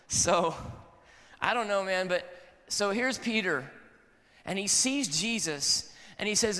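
A man's voice: high-pitched, animated, normal speed, sharp tone. A man in his thirties preaching a sermon in a casual, conversational and earnest way. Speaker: pastor. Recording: long hall reverb.

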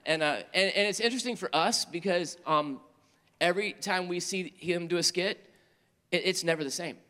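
Male host from North Carolina, high tense voice, chatty stage talk echoing in a large venue. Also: moderate pace, bright, forceful tone. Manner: chatty, joking, full of restarts and asides. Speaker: host and speaker at a youth worship event. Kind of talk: lively stage talk to a live crowd. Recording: long reverb of a large hall.

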